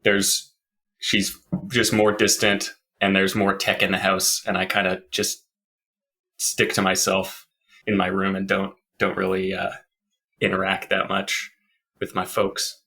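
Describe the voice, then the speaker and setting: A man's voice: sits low, monotone, a little slow, bright, forceful tone. A man playing in a tabletop role-playing game, thinking aloud about his character in a hesitant way. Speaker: player.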